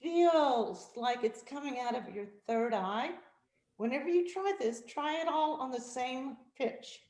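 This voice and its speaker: A woman with a fairly high voice coaching singers over a video call, demonstrating exercises with quick sung snippets and easy laughter. Her voice rings in an echoey room. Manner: animated, demonstrative, laughs often, sings vocal exercises. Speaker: vocal coach and guest speaker. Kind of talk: vocal technique demonstration. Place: virtual meeting.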